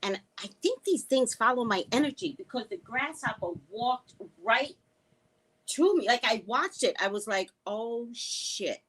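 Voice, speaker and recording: A woman's voice: on the high side, unhurried. A woman hosting a casual live stream from home, telling stories sarcastically, swearing often and reading viewer comments aloud. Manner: sarcastic, animated storytelling with frequent swearing.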